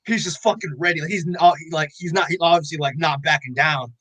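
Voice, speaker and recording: A young man co-hosting a podcast, excitedly recapping a comic in loose casual chat, full of "like" and swearing, acting out the characters' lines. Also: fairly high pitch, fairly quick, no room sound, low-quality recording. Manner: excited, loose, heavy on "like" and swearing, acts out quotes. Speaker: podcast co-host.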